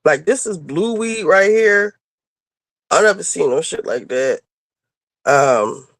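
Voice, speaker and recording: A woman's voice: lowish voice, lively intonation, slow pace, long pauses, no echo. A woman co-hosting a chat show, telling a rambling story casually with lots of fillers and swearing, on a clip-on microphone. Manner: rambling, profane, full of fillers. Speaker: podcast co-host. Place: moving around indoors, then heading out.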